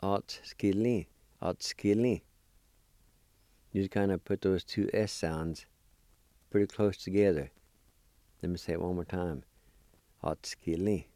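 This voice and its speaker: A man's voice: low voice, unhurried, long pauses, mellow, no echo. A man teaching word pronunciation, sounding words out syllable by syllable in a patient, encouraging way. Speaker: language teacher. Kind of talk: pronunciation lesson.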